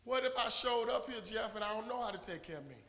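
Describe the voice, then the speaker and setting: A pastor preaching a sermon to his congregation, building to shouted peaks and calling for responses. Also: high voice, lively intonation, fast. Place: church sanctuary. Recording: long reverb of a church hall.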